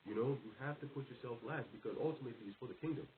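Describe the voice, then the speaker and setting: Fast-talking man preaching over a tinny line. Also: mid-range voice, far from the mic. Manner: casual street slang, quotes scripture. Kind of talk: informal sermon. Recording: faint hiss, tinny phone-like sound from off mic.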